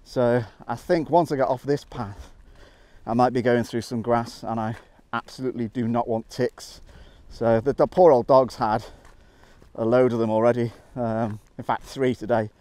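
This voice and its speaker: A middle-aged man talks straight to his camera outdoors, walking through a valley toward a waterfall. His voice sits at an ordinary middle pitch, and he keeps breaking into wows and laughter. Between those bursts he talks through how he is framing each photograph. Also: steady tone, moderate pace, a little mellow, dry recording. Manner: explains photo composition while working. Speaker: nature photographer. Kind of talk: outdoor vlog narration.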